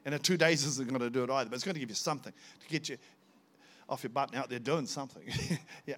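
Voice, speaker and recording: A man preaching a sermon, telling stories in an animated, dramatic way and laughing often. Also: mid-range voice. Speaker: pastor. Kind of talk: storytelling sermon.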